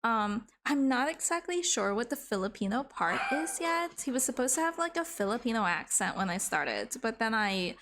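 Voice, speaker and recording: A woman's voice: fairly high pitch, sing-song, normal speed, few pauses, background noise. A woman livestreamer chatting casually while she draws, rambling and swearing now and then into a desk microphone. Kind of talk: casual chat while drawing on stream.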